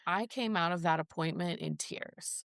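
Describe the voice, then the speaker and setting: A woman's voice: on the low side, moderate pace, creaky, a bit bright, dry recording, studio quality. A woman speaking as a podcast guest, telling her story in an earnest, casual way and acting out the conversations she recalls. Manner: earnest, acts out quoted dialogue. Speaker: podcast guest, mother of a child with a rare disease.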